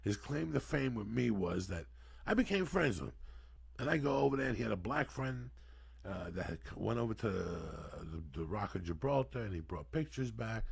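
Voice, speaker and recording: Man, sixties, podcast guest, profane rambling storyteller, husky, gravelly. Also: lowish voice, lively intonation, moderate pace. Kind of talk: casual storytelling.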